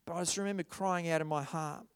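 A young man telling his life story as an earnest testimony, moving between loud, animated stretches and hushed, quiet ones. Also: fairly high pitch, quick pace, clean tone. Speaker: speaker sharing a personal testimony. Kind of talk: testimony talk.

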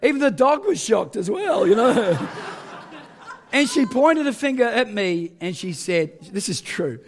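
A man's voice: high voice, big pitch swings, a little slow, slight background noise. A male pastor, telling a story in a sermon with self-mocking humour and frequent laughter.

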